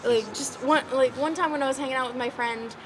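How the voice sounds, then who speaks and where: A woman with a Boston accent, a podcast guest chatting casually, full of "like" and quick giggles. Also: sits high, over music. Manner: chatty, filler-heavy with "like", giggly. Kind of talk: casual conversation. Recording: noisy background recording.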